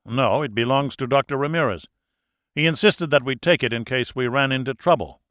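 A man voicing a steady, wry male researcher who speaks in an even, matter-of-fact way. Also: medium pitch, a little fast, dry recording, studio quality, lightly acted.

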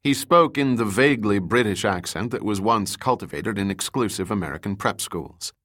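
A man narrating an audiobook in a measured, descriptive reading. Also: lowish voice, animated, fairly bright tone.

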